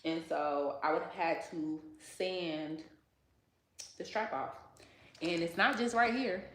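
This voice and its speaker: A woman chats and rambles straight to her livestream viewers, her voice sitting on the low side. She is recording in a small salon that gives the sound a noticeable echo. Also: slow, slight background noise. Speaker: hairstylist and salon owner hosting a livestream. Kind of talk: casual livestream chat with viewers. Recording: echoey salon room.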